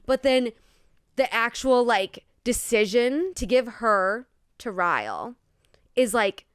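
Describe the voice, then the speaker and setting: A woman's voice: on the high side, slow pace, clear, resonant tone, dry recording, clean studio sound. A young woman co-hosting a podcast, chatting eagerly about a novel and agreeing with her co-host. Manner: eager agreeing, animated retellings. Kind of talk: casual book chat.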